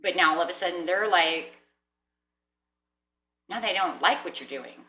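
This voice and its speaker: A woman giving a casual tarot reading, chatty, often clearing her throat and checking in with "right?" and "you know?". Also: on the low side, expressive, normal speed, pushed and bright, a little hiss or hum. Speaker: tarot reader. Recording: roomy echo.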